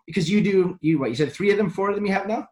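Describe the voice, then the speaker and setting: A man's voice: high voice, racing, a little mellow. A man hosting a podcast interview, asking rambling questions that restart mid-way. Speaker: podcast host.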